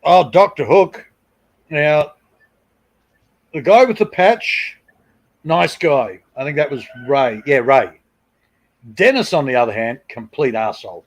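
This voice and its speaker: A man's voice: medium pitch, expressive, unhurried, pauses often. A middle-aged man with an Australian accent, telling long rambling stories at home and swearing freely on a live stream. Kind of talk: casual storytelling.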